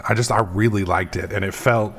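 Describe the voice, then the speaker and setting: A man's voice: lowish voice, fairly even intonation, fairly quick, a little hiss or hum. A man casually commenting on his gameplay, rambling and swearing as he goes. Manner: rambling, profane, self-mocking. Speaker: gaming video host.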